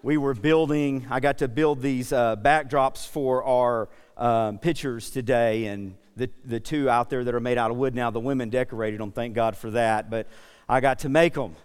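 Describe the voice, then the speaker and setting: A man's voice: mid-range voice, steady tone, normal speed, smooth. A male pastor preaching a sermon, mixing joking stories with earnest exhortation. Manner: storytelling, self-deprecating humor, exhorting. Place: church sanctuary. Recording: long reverb in a church hall.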